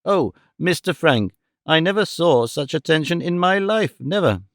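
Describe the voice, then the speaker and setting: A man's voice: fairly high pitch, lively intonation, a little slow, dry recording, studio quality. A man voicing a fussy, scatterbrained middle-aged mother who talks emphatically and exclaims often.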